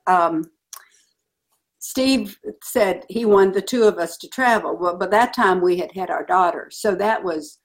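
A middle-aged woman telling a personal story in an interview, earnest and animated. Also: fairly low pitch, measured pace. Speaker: guest.

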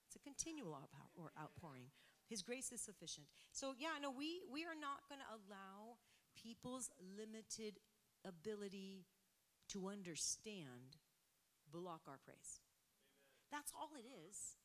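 A woman pastor preaching a sermon, building emphasis and sometimes dropping to a soft near-whisper. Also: medium pitch, big pitch swings, unhurried.

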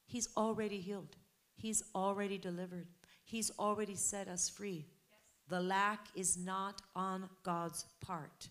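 A middle-aged woman pastor delivering a sermon, building from measured teaching to loud, emphatic preaching. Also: medium pitch, fairly even intonation. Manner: preaching with rising, emphatic intensity.

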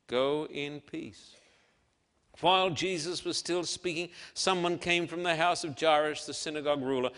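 A man delivering an emphatic sermon in a bright, somewhat high voice, rising to loud declarations and dropping to near-hushed softness. His words carry a long reverb from a large hall. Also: steady tone, fairly quick, few pauses. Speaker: preacher. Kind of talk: dramatic sermon with scripture reading.

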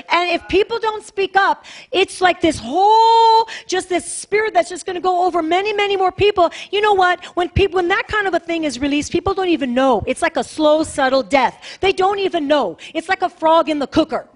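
High-voiced woman pastor preaching emphatically. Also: fairly quick. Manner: emphatic and repetitive, conversational preaching. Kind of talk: sermon.

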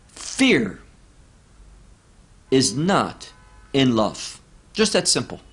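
A man teaching verse by verse through a Bible passage, deliberate and emphatic, often repeating key words. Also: mid-range voice, a bit bright.

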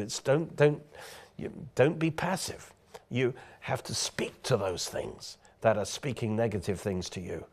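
A man preaching a sermon, declaring bold answers to doubt with strong rises in emphasis. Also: a little mellow. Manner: emphatic, declaring bold replies with rising pitch.

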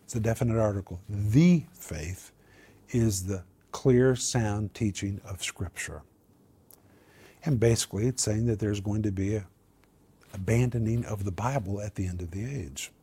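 Guy teaching scripture, dark husky voice, gets emphatic. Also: lowish voice, normal speed. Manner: emphatic, builds to a raised voice on key words. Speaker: Bible teacher. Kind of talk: teaching Bible study.

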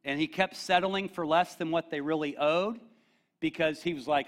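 A man's voice: fairly high pitch, moderate pace. A middle-aged man preaching a conversational sermon as pastor, joking with the congregation and often checking in with "okay?".

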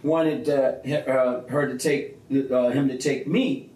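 A man's voice: medium pitch, unhurried. A man with a comedian's ease tells stories about his early career, slipping into the voices of people he met. He is picked up from a distance, with a roomy echo around him. The sound suggests a small theatre. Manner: animated storyteller who acts out quoted people. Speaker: comedian guest. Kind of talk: conversational interview storytelling.

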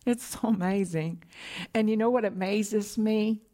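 Slow, emphatic woman preaching. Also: mid-range voice, dark tone. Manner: slow and emphatic, dropping to a whisper for key points. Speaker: minister. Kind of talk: sermon.

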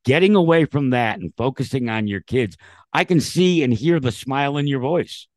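A man hosting a racing interview, asking questions in a polished, lively way. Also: medium pitch, moderate pace, no echo. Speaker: interview host. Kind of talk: broadcast interview.

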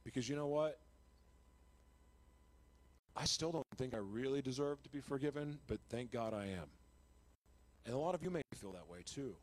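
A man giving an emotional, confessional Christian testimony on live television. He speaks earnestly, with restarts and laughs at himself, and grows loud and impassioned. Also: mid-range voice, animated, moderate pace, long pauses. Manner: grows loud and impassioned when retelling his conversion. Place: television studio.

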